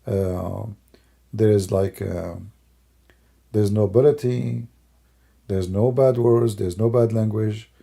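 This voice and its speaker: A man whose first language is Arabic, hoarse from losing his voice, musing and rambling in broken English on a livestream. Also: fairly low pitch, steady tone, slow pace, pauses often, dark tone. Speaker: livestream host. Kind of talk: casual livestream talk.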